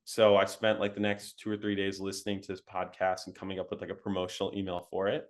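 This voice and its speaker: A young man telling his story as an interview guest, animated and laughing, full of "like" and "um". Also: deep voice, fast talker. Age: young adult. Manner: animated, laughing, frequent fillers like "like" and "um".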